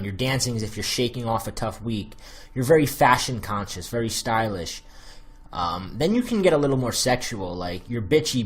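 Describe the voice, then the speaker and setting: A man with an American accent talks through dating advice in a relaxed, rambling way. His voice is husky and a little breathy, sitting at an ordinary male pitch. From United States. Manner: loose and chatty, many fillers. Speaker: dating coach. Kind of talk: casual spoken advice monologue.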